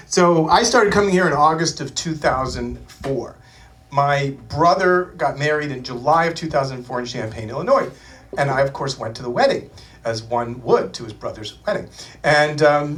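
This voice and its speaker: A man's voice: on the high side, fairly bright tone. A man telling rambling anecdotes from a small club stage, hesitant and full of ums and restarts. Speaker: performer telling stories on stage.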